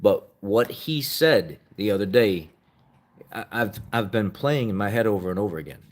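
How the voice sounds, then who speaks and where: A man's voice: on the low side, animated, normal speed. A man hosting a casual opinion talk show, earnestly urging listeners with repeated phrases and getting openly emotional at times. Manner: earnest, repetitive motivational urging; openly emotional, laughs at himself. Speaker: podcast host.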